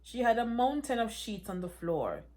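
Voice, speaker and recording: A woman reading aloud voices a grieving man who haltingly tells terrible news. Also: a little high, big pitch swings, a little mellow, pitched above the performer's own voice. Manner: halting, heavy with pain. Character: grieving man breaking bad news, sobbing.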